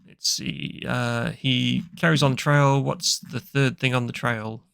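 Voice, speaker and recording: Brief: gravelly-voiced man running a solo tabletop game, rambling and self-correcting, dry close sound. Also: mid-range voice, steady tone, measured pace, a bit bright, dry recording.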